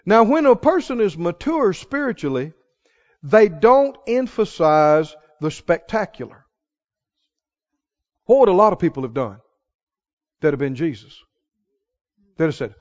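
A male preacher delivers a sermon with a high, sweeping voice that leaps up in excitement and drops to a hush. He keeps putting questions to his congregation. The recording sounds dull and lo-fi. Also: unhurried, pauses often. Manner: dramatic, swings from loud exclaims to hushed low lines.

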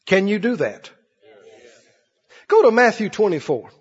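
A man preaching a sermon in an animated way, slipping into mocking put-on voices. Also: high voice, measured pace, breathy edge. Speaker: pastor. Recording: dull recording in a reverberant hall.

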